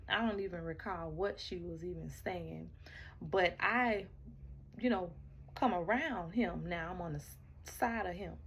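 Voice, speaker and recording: A woman casually telling a personal story straight to her listeners, animated, acting out the quoted lines and often repeating words as she goes. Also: medium pitch, breathy edge. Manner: talks straight to the audience, repeats and restarts words.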